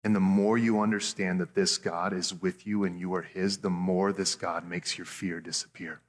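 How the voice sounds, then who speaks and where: A man's voice: low voice, flat delivery, normal speed. A man in his thirties preaching a sermon as pastor, earnest and conversational, often restarting his phrases. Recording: echoey hall with long reverb.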